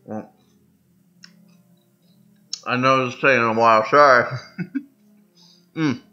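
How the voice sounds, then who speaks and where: A man hosts a game let's-play, drawling slowly and rambling with self-amused asides while he munches candy. His voice sounds bright and forward. The sound is muffled and lo-fi, with faint music underneath. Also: mid-range voice, steady tone. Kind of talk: casual gameplay commentary.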